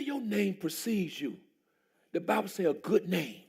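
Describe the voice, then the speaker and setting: A pastor preaching a sermon in a church, a man who jumps into a high excited voice and shouts as he tells stories. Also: measured pace, vocal fry, husky. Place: church sanctuary.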